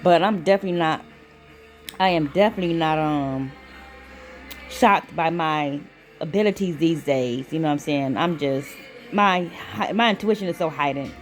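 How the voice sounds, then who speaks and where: Woman talking from bed into her phone, casual storytelling, cusses a lot, soft music faint in the back. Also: low voice, moderate pace. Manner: chatty, swears freely, animated retelling. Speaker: vlogger. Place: lying in bed at home.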